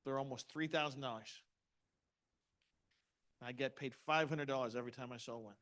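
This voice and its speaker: A man's voice: mid-range voice, moderate pace, fairly bright tone. A middle-aged man giving a motivational seminar talk, punchy and asking the audience questions. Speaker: motivational speaker.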